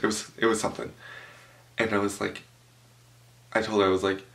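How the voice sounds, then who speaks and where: A young Canadian man films a storytime vlog in a room at home against a tablecloth backdrop. Chatty and animated, he swears freely and packs his sentences with fillers, speaking fairly quickly in a fairly low voice with a gravelly fry.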